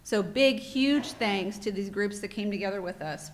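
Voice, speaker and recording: A woman's voice: mid-range voice, moderate pace, few pauses, over a noisy crowd, heavy background noise. A woman giving welcome remarks at a conference, heartfelt and a little off-script, speaking into a microphone in a hotel meeting room. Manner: warm, heartfelt, a bit off-script and emotional.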